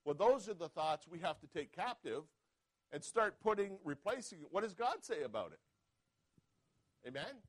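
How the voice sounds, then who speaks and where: A male pastor preaches, reading scripture with forceful, stretched-out emphasis and dropping to quiet asides in between. His voice sits on the high side for a man. He keeps checking in with the room by asking "Amen?". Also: very animated, moderate pace, long pauses, low-quality recording. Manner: calls out "Amen?" to the congregation. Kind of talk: sermon.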